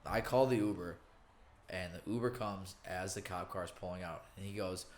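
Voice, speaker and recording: A young man on a podcast telling a story in casual chat, animated, acting out quotes and laughing often. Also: low-pitched, moderate pace, a little hiss or hum. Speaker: podcast co-host.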